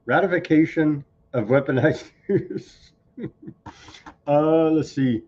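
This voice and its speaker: A man's voice: a little high, slow pace, muffled recording. A man hosting a live news commentary stream, talking casually with sarcastic, scornful asides and rambling restarts. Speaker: news show host.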